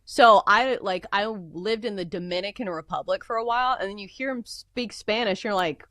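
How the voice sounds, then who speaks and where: A woman's voice: medium pitch, moderate pace, fairly bright tone, no room sound, clean studio sound. A woman from the with a stuffy nose from a cold, hosting a sports betting radio show in a chatty style. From American South. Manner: chatty, lots of fillers and laughs. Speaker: radio host. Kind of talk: casual sports betting chat.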